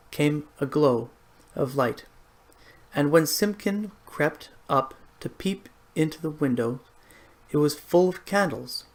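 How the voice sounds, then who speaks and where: Slow, measured storybook narrator; gentle reading for children. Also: mid-range voice.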